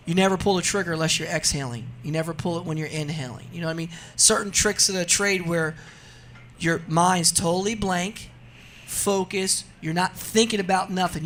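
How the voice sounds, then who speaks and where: A man's voice: high-pitched, a little hiss or hum. A man guest on a radio talk show, chatting casually and animatedly, laughing often and telling stories. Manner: animated storyteller, laughs often, says "you know what I mean". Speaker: racing guest. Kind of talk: casual radio interview chat.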